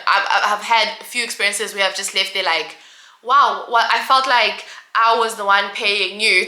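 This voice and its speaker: A young woman ranting casually to camera in a vlog, exasperated and animated, stumbling over restarts and repeated words. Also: medium pitch. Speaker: vlogger. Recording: roomy echo.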